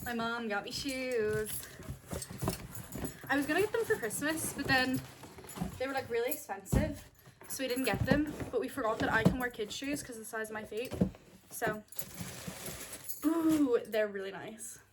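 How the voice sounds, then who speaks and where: A woman's voice: on the high side, animated, moderate pace, long pauses. Giggly Northern Irish woman in an echoey room. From Northern Ireland. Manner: chatty and giggly, swears freely, talks in bursts. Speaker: book vlogger. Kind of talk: casual chat to camera. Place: bathroom at night. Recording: echoey room with background noise.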